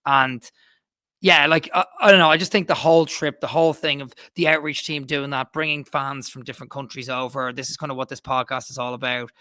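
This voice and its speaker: Bright-voiced podcast host. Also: male voice, medium pitch, fairly even intonation, a little fast, dry recording, clean studio sound. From Ireland. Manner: rambling, self-interrupting, enthusiastic. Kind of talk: casual interview chat.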